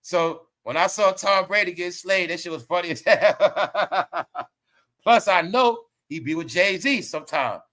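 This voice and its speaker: A man's voice: high voice, a little slow, a bit bright. A man hosting a casual commentary stream, slangy and profane, laughing often as he tells stories. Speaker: commentary livestream host.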